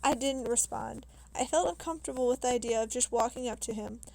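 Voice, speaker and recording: A woman with a fairly high voice reads a novel aloud. Her narration is steady and measured, and she sometimes stops and restarts a word. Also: vocal fry, poor audio. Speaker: reader.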